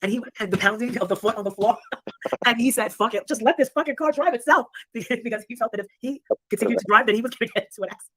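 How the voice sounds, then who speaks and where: A woman's voice: medium pitch, steady tone, racing, a bit bright, no echo. A woman hosting a casual livestream chat, blunt and swearing freely, often laughing. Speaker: livestream host.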